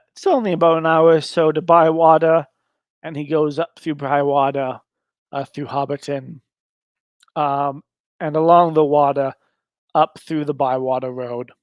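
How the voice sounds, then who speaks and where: A man's voice: on the high side, fairly even intonation, unhurried, clean tone, no echo. A man narrating a solo tabletop game in a rambling way with lots of fillers.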